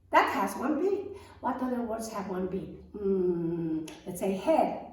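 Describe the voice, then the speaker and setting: A woman music teacher guides little children through rhythm with a slow, sing-song delivery. Her high voice swoops lively up and down. The sound is very echoey and comes from a mic placed away from her. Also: very noisy. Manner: slow, sing-song, encouraging call-and-response. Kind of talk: lesson for young children. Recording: echoey room, mic far off.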